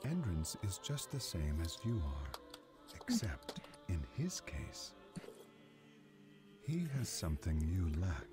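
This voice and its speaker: An actor playing a calm, cryptic, mysterious man in a video game, speaking in slow, measured riddles. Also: sits low, exaggerated voice. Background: game music.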